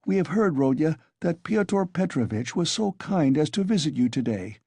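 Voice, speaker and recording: A timid, tearful middle-aged mother pleads in alarm, her voice pitched high and a little husky. A man reads her. The recording is dry and close. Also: expressive, moderate pace, mellow, dry recording. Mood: anxious.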